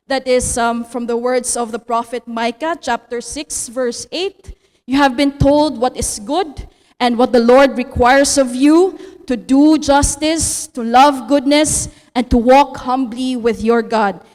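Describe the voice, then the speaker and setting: Filipina teacher giving a lecture, high voice, tags "no?" a lot, big echoey hall. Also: female voice. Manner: tag "no?" after phrases, mixes in Tagalog. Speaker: theology teacher.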